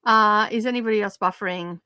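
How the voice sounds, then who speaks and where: A woman's voice: medium pitch, fairly quick, bright, forceful tone, clean tone, dry recording, studio quality. A middle-aged woman from Australia hosting a casual crafting live stream, chatting in a rambling way with many ums. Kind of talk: casual chat while crafting. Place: home craft room.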